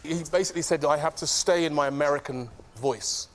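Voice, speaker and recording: A man's voice: fairly high pitch, brisk. A man on a comedy panel show telling a story about himself, flustered and laughing as he defends it. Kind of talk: telling a comic anecdote.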